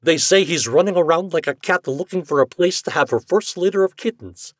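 Casting: male narrator doing a jovial aging Russian scientist, put-on accent, pitched up high, loud and husky. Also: lively intonation, a little fast, dry recording, studio quality. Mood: amused.

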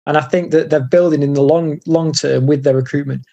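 A man's voice: on the high side, steady tone, brisk, vocal fry, warm tone, lo-fi sound. A man co-hosting a casual football podcast, agreeable and thinking aloud with hesitations. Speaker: podcast co-host.

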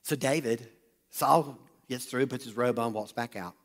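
A man preaching a sermon, retelling a Bible story with animated energy and calling on the congregation to listen up. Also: mid-range voice, unhurried. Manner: animated, talks directly to the congregation. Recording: long hall reverb.

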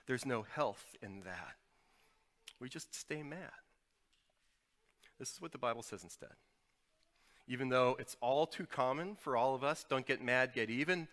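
A man's voice: mid-range voice, fairly bright tone. A man preaching a sermon as pastor, emphatic and fond of rhetorical questions. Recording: reverberant hall.

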